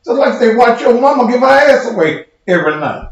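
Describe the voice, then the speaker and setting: A man's voice: very high voice, lively intonation, a little fast, lo-fi sound. A man who preaches and hosts his own show, in a heated livestream rant, profane, combative and mocking. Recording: very echoey room.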